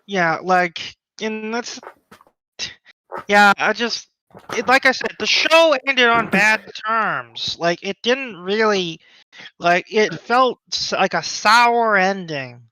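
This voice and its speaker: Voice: medium pitch, slow, sharp tone, dry recording, low-quality recording. A podcast co-host in casual chat, rambling with lots of "like" and restarts.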